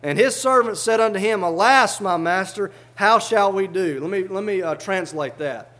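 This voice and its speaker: A man's voice: high-pitched, normal speed, a bit bright. A man preaching a sermon, fervently reading old scripture aloud and explaining it in plain everyday words.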